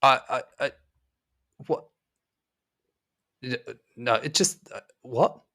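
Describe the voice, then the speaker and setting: A man voicing a flustered, bewildered gentleman who stammers in a raised voice. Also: slow. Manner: stammering, high and agitated.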